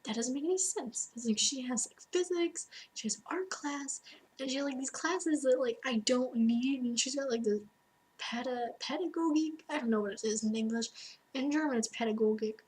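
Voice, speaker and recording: A woman's voice: sits high, normal speed, a little hiss or hum, rough recording. A young woman in her late teens, an exchange student, ranting to her webcam in casual talk, full of "like" and acted-out quotes. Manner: animated storytelling, frequent "like" and acted-out quotes. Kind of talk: casual ranting monologue to camera.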